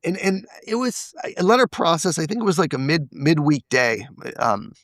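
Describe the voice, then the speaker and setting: A man's voice: on the high side, big pitch swings, moderate pace, fairly bright tone, dry recording. A man as a podcast guest, candidly telling a personal story and acting out the quoted dialogue. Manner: confessional, acts out quoted dialogue.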